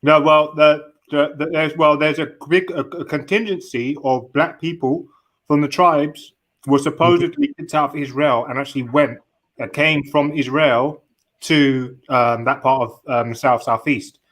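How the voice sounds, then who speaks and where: A man calling in for casual chat, halting and often repeating words while he searches for them. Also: on the high side, fairly even intonation, a bit bright, poor audio. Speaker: caller.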